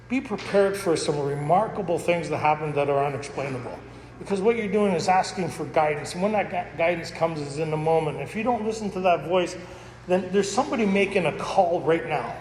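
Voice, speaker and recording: A man's voice: high voice, normal speed, darkish tone. A middle-aged man giving a candid, rambling personal testimony as a recovery meeting speaker. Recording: echoey hall with faint noise.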